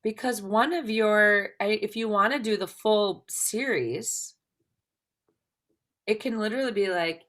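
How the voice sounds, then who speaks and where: A woman's voice: medium pitch, unhurried, a bit bright. A woman teaching a live tapping class, explaining things conversationally and often checking in with "right?".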